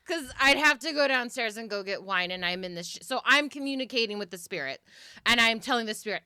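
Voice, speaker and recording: A woman who works as a medium, chatting as a podcast guest and telling lively stories, acting out what spirits say. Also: fairly high pitch, quick pace, clear, resonant tone, dry recording, clean studio sound. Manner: animated storyteller who acts out spirits' voices. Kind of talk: casual chat.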